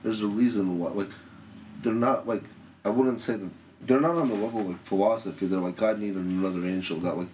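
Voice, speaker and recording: A man with a very low voice joins a casual group discussion. He talks haltingly, filling his speech with many fillers. A faint noise hums in the background. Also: darkish tone, distant mic, poor audio. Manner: hesitant, many filler words.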